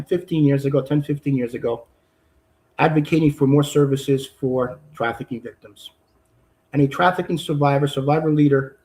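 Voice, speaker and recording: A man, a judge, speaking as an interview guest in an earnest, halting way, with many fillers and restarts that build in intensity. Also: on the high side, a little mellow, low-quality recording. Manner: earnest, halting with fillers and repeats, rising intensity when quoting. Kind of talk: conversational interview.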